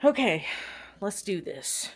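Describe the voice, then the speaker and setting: A woman's voice: mid-range voice, big pitch swings, takes it slowly. A young woman vlogging at home on a clip-on mic, rambling and joking at her own expense. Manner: rambling, self-deprecating, joking. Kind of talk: casual chatty workout vlog. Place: living room at home.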